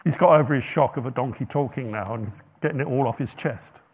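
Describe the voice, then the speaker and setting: A man's voice: mid-range voice, quick pace, darkish tone, slightly rough. A man preaching, retelling a story dramatically with chatty asides. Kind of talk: sermon storytelling.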